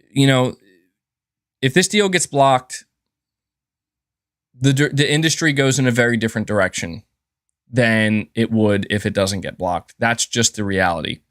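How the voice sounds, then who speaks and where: A man's voice: medium pitch, a little slow, pauses often, a bit bright. A man hosts a live stream and rants heatedly about the news, swearing freely and reading out viewers' messages. His voice sits in a middle range and climbs when he gets fired up. The sound is dry and close, with no room echo. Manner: heated, ranting, profane. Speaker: livestream host. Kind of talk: live-stream commentary with chat readouts.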